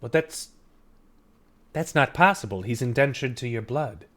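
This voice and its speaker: A fussy, excitable gnome father in a tabletop fantasy game, tripping over his own words and jumping from topic to topic, as a man puts him on. His voice sits at an ordinary middle pitch and often sounds a bit set back from the mic. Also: measured pace. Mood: indignant. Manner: rambling, stammering, excitable.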